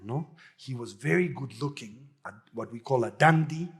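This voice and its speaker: Husky male Buddhist teacher, anecdotal dharma talk, frequent "no?" tags. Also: mid-range voice, lively intonation, moderate pace. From Mexico. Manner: anecdotal, tags phrases with a questioning "no?".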